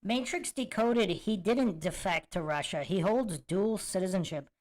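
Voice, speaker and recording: A woman's voice: medium pitch, expressive, a little slow, very noisy. A woman hosting a podcast, reacting to clips with incredulous rhetorical questions. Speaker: podcast host. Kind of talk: reaction commentary.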